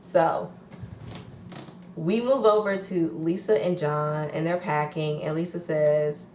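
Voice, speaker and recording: A woman's voice: low-pitched, steady tone, slow pace, darkish tone, reverberant, a little hiss or hum. A woman recapping reality TV casually, sassy and blunt, swearing freely. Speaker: reality TV reviewer.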